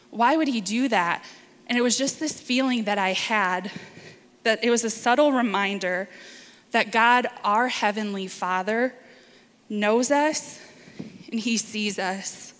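A woman preacher delivering a sermon in earnest, deliberate short phrases. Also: medium pitch, a bit bright. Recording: reverberant hall.

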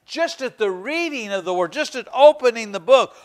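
A man's voice: very high-pitched, lively intonation, normal speed. A man preaching a sermon as pastor, fervent and emphatic, repeating phrases for stress.

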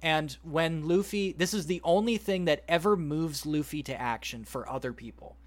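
A podcast host with a voice pitched a bit high for a man, telling a long story in a rambling, lively way. He keeps slipping in the characters' lines as he retells the plot. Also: moderate pace.

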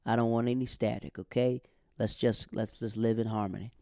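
A man's voice: on the low side, flat delivery, brisk, a little mellow, no echo, clean studio sound, natural voice. A man voicing a sweet-talking middle-aged Southern church lady who soothes and makes peace, with a put-on Southern US accent. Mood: soothing.

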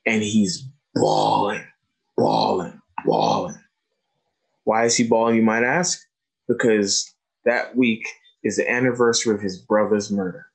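A man's voice: lowish voice, gravelly, husky, rough recording. A man giving a training talk to educators, telling classroom stories and asking his audience questions. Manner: animated storyteller, asks the audience questions. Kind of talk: lecture to teachers with told stories.

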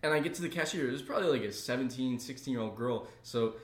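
A man's voice: mid-range voice, fast. Laid-back male podcaster in an echoey room. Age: young adult. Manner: animated, laughs while retelling, acts out voices in stories. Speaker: podcast co-host. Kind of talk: casual comedic storytelling.

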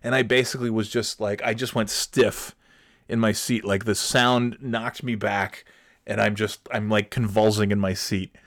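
A man telling a comic story in an animated, profane, self-mocking way. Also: lowish voice, normal speed, no echo, clean studio sound.

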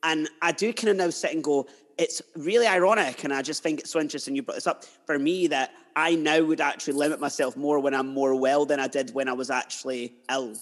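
A man's voice: a little high, steady tone, brisk. A man hosting a podcast interview, chatty and emotional, drifting into personal stories. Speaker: podcast host. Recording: long hall reverb.

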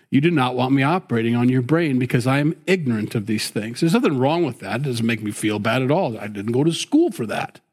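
A man's voice: mid-range voice, expressive, brisk, a little mellow, slightly rough. A middle-aged man preaching a sermon in a folksy, conversational way, dropping "you know" and "boy" as he goes. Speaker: pastor.

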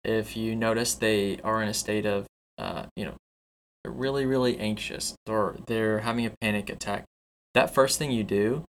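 Guy cohost, lowish voice, teacherly, walks through nursing advice step by step. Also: steady tone, moderate pace, a little hiss or hum, poor audio. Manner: instructive, teacherly, lists points. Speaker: podcast co-host for nursing students. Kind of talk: casual advice chat.

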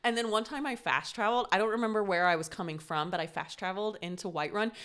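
A young adult woman co-hosting a podcast, telling a story in a lively way, swearing and laughing often. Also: mid-range voice, fast talker. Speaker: podcast co-host. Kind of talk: casual chat.

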